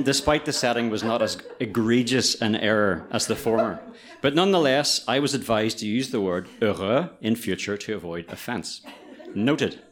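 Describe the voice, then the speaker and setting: Lively comic male storyteller. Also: medium pitch. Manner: comic, self-deprecating, often laughing. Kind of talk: told personal story.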